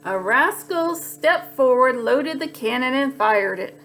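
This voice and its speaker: A woman storyteller narrating a children's story in a lively, expressive read-aloud. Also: high-pitched, takes it slowly, slight background noise.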